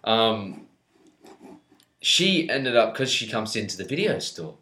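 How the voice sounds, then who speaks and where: A man's voice: on the low side, sing-song, slow, bright, forceful tone. A man telling a crude story in casual podcast chat, laughing often and swearing freely. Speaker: podcast co-host. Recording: echoey room.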